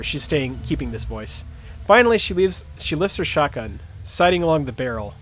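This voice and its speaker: A man's voice: medium pitch, fairly bright tone. A man running and narrating a tabletop game on a livestream, with self-mocking asides. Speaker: game master.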